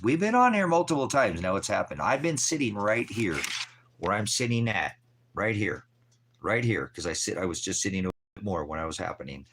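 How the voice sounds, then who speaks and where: A man's voice: low voice, fairly bright tone. A man who leads a ministry, talking to viewers in a casual livestream, rambling, profane and emphatic. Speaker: ministry leader.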